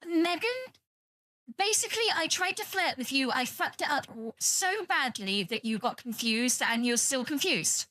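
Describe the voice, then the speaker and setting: A woman's voice: sits high, lively intonation, unhurried, sharp tone, no room sound. A British woman streaming, chatting casually and rambling to her viewers, teasing them and swearing freely. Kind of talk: casual livestream chat with viewers.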